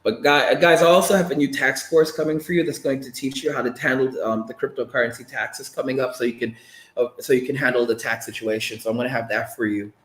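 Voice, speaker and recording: A man's voice: mid-range voice, fairly even intonation, fast, a bit bright, echoey room. A man hosting a crypto channel live stream, ranting in an agitated way with many stammered restarts.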